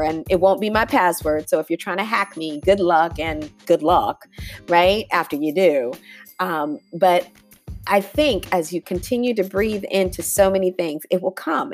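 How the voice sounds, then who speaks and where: A woman hosting a podcast, giving an emphatic motivational monologue and calling her listeners y'all. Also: fairly low pitch. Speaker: podcast host.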